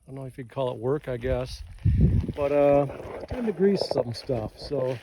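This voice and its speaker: A man's voice: medium pitch, animated, moderate pace, noisy background. A man with a Minnesota accent casually talking through ranch maintenance in a rambling, self-deprecating vlog, recorded outdoors on a ranch. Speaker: ranch owner vlogger.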